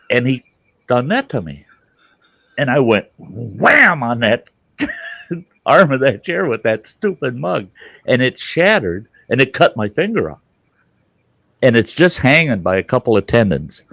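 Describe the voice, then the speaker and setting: A man hosting a live stream, telling stories in casual chat, animated and swearing freely, laughing as he goes. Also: mid-range voice, a little slow, gravelly, long pauses, no echo.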